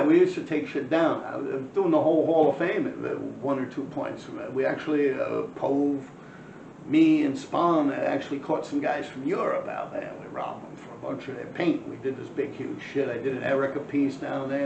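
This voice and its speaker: A man's voice: mid-range voice, lively intonation, moderate pace, creaky, darkish tone, slight background noise. A middle-aged man, telling profane street stories to a camera in casual storytelling. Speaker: former graffiti writer telling stories. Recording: echoey room, slightly dull sound.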